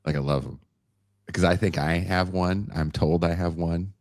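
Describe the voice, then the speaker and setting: Low-voiced, profane man hosting a podcast. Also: moderate pace, no echo, clean studio sound. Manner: profane, excitable, laughs often. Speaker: podcast host. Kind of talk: casual chat.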